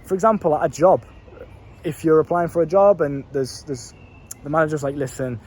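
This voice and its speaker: A man's voice: a little high, brisk, a little mellow, husky. A young man talking bluntly to camera, telling stories and swearing freely as he gives dating advice. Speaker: dating coach vlogger. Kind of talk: casual monologue to camera.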